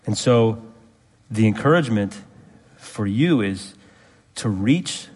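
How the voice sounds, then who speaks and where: A middle-aged man preaching a sermon as pastor, emphatic, building to forceful peaks and then dropping his voice low. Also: lively intonation, takes it slowly, breathy edge. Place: church sanctuary. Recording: long reverb of a church hall.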